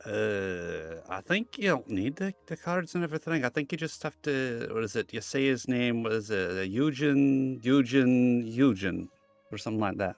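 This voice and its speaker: A man's voice: medium pitch, lively intonation, moderate pace, few pauses, no room sound, soft background music. A man playing a tabletop game, speaking hesitantly with lots of fillers and restarts. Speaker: player. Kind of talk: casual chat.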